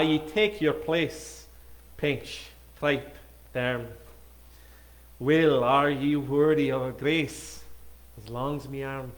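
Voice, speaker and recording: A man at a church hall concert reciting an old Scots poem in a put-on Scottish accent, declaiming theatrically with swells of emphasis. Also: on the high side.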